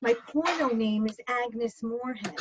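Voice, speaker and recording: Woman, stand-up comic, high voice, brash and crude, dull lo-fi sound, clear background hiss. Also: unhurried. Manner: brash, crude, self-mocking punchlines. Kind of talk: stand-up comedy set. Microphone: video call computer mic. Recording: muffled video call audio with background hiss.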